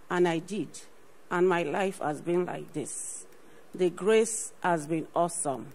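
A woman's voice: fairly low pitch, takes it slowly, a little mellow, rough recording. A woman, a ministry partner, gives an earnest personal faith testimony on stage, often saying "you know" and repeating herself. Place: on stage at a church program.

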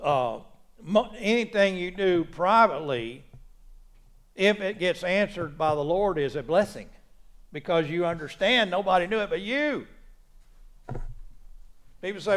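A man preaching a sermon in a church, folksy, moving from quiet asides to loud exhortation. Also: sits high, lively intonation, measured pace, long pauses. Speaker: pastor.

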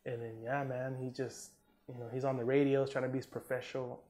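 In a casual interview, a Southern Californian Army combat veteran recounts a war story, loose and foul-mouthed, acting out what was said and filling gaps with "man" and "you know." His pitch is medium and his pace a touch fast.

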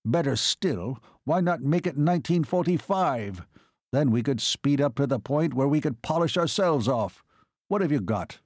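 A man voicing a gruff, irritable older baron who commands troops, speaking in a testy growl. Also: mid-range voice, sing-song, unhurried, a little mellow, dry recording, studio quality. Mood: irritated.

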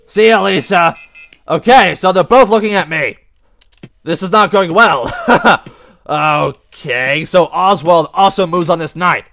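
A young man commenting on a horror game as he plays, excitable and easily startled into yelps. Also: sits high, measured pace, creaky. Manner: excitable and jumpy, yelps and shouts at scares. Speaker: gaming video host. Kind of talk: let's play commentary.

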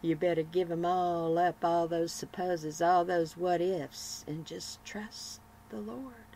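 A woman reading a morning devotional as a sermon, with measured phrasing and emphatic repetitions. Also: lowish voice, steady tone, dark tone, a little hiss or hum, rough recording. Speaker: devotional broadcaster.

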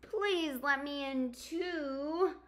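A woman voicing small shivering storybook animals asking to be let into a warm shelter. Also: high voice, drawn-out words, voice pushed up. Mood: pleading.

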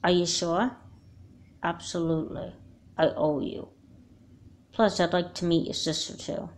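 A woman voicing soft apologetic girl Krista. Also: fairly low pitch, fairly even intonation, a little slow. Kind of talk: homemade doll movie acting.

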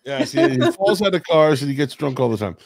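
Stand-in male interviewer, a little high, close and dry, loose and jokey. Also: wildly swooping pitch, a little fast, a little mellow, no echo. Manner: joking, loose, swears casually. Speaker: guest interviewer. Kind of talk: casual chat.

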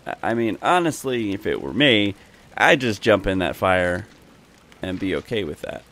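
Gravelly man doing let's play commentary. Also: lowish voice, big pitch swings, moderate pace, a bit bright. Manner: wry, chatty, talks to the game characters. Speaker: gameplay commentator.

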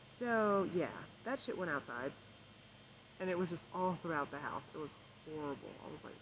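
A stressed, emotional woman vlogging at home, rambling softly with many fillers and keeping her voice low. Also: lively intonation. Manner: rambling, many fillers, kept deliberately quiet. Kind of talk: casual rambling vlog chat. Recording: noisy home recording.

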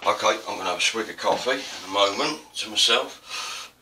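Speaking fairly quickly in a voice on the low side, an Essex man from South East England talks through a printmaking demo far from the mic, with background noise. His casual narration rambles, drifts into digressions and turns self-deprecating.

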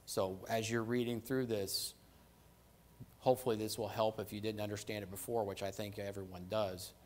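A man with a fairly low voice delivers a sermon, leaning hard on key phrases and repeating them for weight. He keeps it conversational, checking in with his listeners as he goes. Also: steady tone, normal speed, a little mellow, slight background noise. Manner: emphatic, repeats phrases for stress; conversational, asks "right?" and "okay?". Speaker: preacher.

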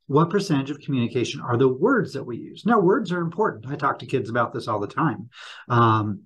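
A man giving a school morning announcement, leading students through a quiz on communication with lively questions. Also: mid-range voice, brisk, husky. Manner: upbeat, quizzing the audience with questions.

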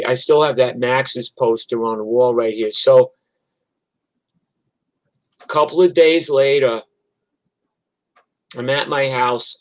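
A man's voice: mid-range voice, no room sound, rough recording. Profane rambling New York storyteller man. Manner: rambling, profane, chatty with restarts. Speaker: musician telling stories on a livestream. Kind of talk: casual storytelling.

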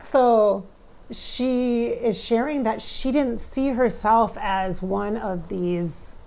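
A woman's voice: on the high side, slow, creaky, darkish tone. A middle-aged woman psychic talking casually and emotionally to viewers during a channeling session. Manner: chatty, emotional, talks directly to viewers. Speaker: psychic medium.

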